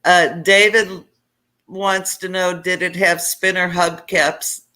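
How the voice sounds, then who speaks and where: A woman's voice: on the low side, little pitch movement, slow pace, sharp tone. A woman hosting a casual livestream chat, chatty and reading out viewer comments. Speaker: host.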